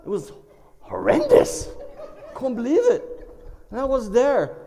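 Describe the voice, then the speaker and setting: A very high-pitched man speaking at normal speed entertains a live audience with a funny personal story from a performing arts center stage. He's animated, voicing characters and making sound effects, with slight background noise and the long reverb of the hall.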